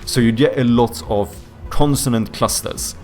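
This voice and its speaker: A young Swedish streamer and indie game developer chats casually with live viewers in English, with a light Swedish accent since Swedish is his first language. His voice is medium-pitched, unhurried and darkish over soft background music. He rambles, searches for words, and swears now and then.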